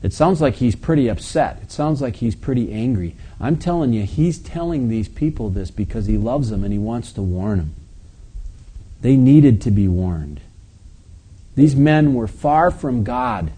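A man preaches a sermon in a very dark, mellow voice with a slightly husky grain. He talks through scripture, dropping to quiet asides and then building to loud, forceful readings. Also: lively intonation, unhurried. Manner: preaching with big swings in volume and pitch, reading scripture aloud forcefully. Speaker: pastor.

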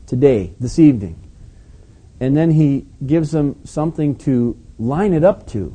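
A male pastor delivering an animated, emphatic sermon with conversational asides. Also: mid-range voice, normal speed.

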